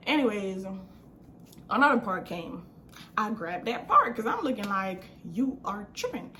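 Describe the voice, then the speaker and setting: A young adult woman vlogger telling a storytime in a casual, slangy, animated way, acting out what people said. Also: medium pitch, measured pace, slight background noise. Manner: animated, slangy, acts out quotes.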